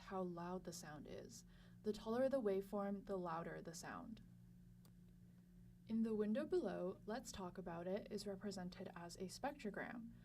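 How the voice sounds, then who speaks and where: A young woman narrates a scripted lesson, explaining each point in a clear, measured way. Her voice sits at an ordinary middle pitch and sounds a little distant from the mic, with a faint hum underneath. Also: warm tone. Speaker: lab student presenter.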